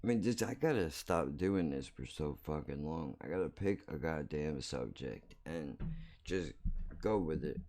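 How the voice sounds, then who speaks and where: A man's voice: a bass voice, lively intonation, measured pace, darkish tone. A man hosting his own show, telling a rambling story bluntly and swearing freely. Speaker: podcast host. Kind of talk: casual storytelling monologue.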